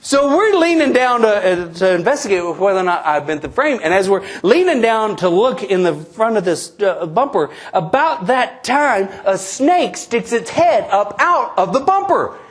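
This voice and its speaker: Lively, high-voiced storytelling man. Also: moderate pace, hardly any pauses. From eastern New Mexico. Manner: animated, laughs at his own story, acts out quoted voices. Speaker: conference speaker. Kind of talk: humorous storytelling keynote. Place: convention presentation.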